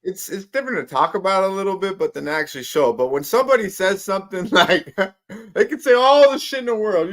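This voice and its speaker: A man's voice: high voice, expressive, fast talker, fairly bright tone. A man co-hosting a live sports betting talk show, rambling and swearing through loose banter. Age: older. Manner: profane, laughing, rambling banter.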